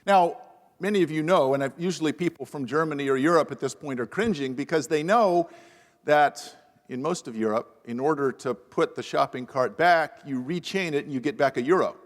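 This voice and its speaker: A man's voice: fairly high pitch, normal speed. Wry storytelling man in a hall. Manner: self-deprecating storyteller, lively and wry. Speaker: panelist professor. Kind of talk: humorous anecdotal talk at a panel event. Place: university event hall. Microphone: lapel microphone. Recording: long reverb of a large hall.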